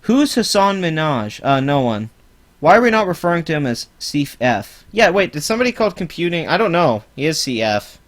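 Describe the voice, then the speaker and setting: A man's voice: a little high, very animated, a little fast, a bit bright. A man hosting a live-stream reaction, ranting sarcastically with heavy swearing. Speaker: channel host.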